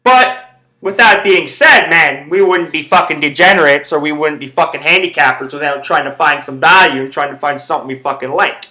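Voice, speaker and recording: A man's voice: a little high, a little fast, sharp tone. A man hosting a podcast, telling a rambling casual story and swearing constantly. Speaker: podcast host.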